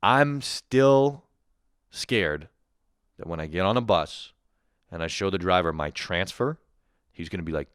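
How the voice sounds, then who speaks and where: A man in his 30s hosts his own podcast and launches into a comedic rant, swearing in exasperation and acting out imagined quotes as he goes. His voice is deep and fairly bright, clean in tone, at a moderate pace with frequent pauses. The recording is dry and of studio quality.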